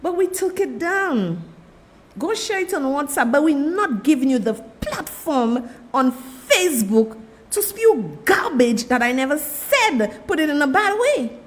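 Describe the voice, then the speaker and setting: A woman's voice: sits high, sing-song, unhurried. A woman with a Saint Lucian accent hosting a political talk show, delivering impassioned commentary and talking straight to her audience. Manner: impassioned, repeats "let me tell you", addresses the audience as "people".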